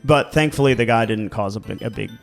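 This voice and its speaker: A man's voice: lowish voice, a little fast, vocal fry, soft background music. A man with a Baltimore accent, co-hosting a podcast and telling casual stories with laughs and swearing. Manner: animated storyteller, swearing, laughing. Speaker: real estate agent and podcast co-host.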